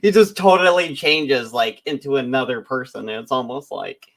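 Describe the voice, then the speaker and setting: Male stream host, mid-pitch, loose joking rambles, casual reaction commentary. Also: moderate pace, creaky, fairly bright tone. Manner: rambling, joking, self-interrupting.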